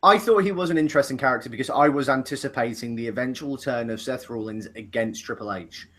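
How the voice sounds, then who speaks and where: A man's voice: mid-range voice, quick pace, a bit bright. A man co-hosting a casual chat, opinionated and joking, often restarting his sentences. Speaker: podcast co-host.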